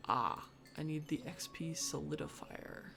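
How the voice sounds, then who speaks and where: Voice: medium pitch, measured pace, creaky. A streamer doing live gameplay commentary, muttering to themself and grumbling about their own mistakes. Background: background music and keyboard typing.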